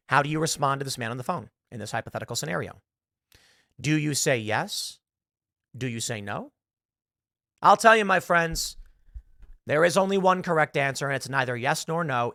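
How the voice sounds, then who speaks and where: A man's voice: on the high side, expressive, normal speed, pauses often, pushed and bright, dry recording, studio quality. A male host giving a casual commentary monologue, telling stories theatrically and throwing out rhetorical questions.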